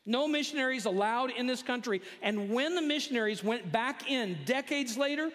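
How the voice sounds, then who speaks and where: A high-pitched man preaches to his congregation, chatty and lively, acting out the voices in the story. His voice rings with the long reverb of a church hall. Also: normal speed. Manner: conversational preaching, acts out quotes. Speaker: pastor. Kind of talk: sermon. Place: church sanctuary.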